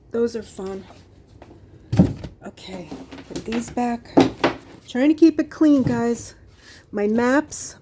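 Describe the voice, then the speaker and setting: Brief: older woman, breathless and rambling, slow warm voice, fairly high, handheld phone vlog. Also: a little hiss or hum. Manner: chatty, meandering, with many ums. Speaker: craft vlogger. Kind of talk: casual room tour. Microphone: phone held in hand.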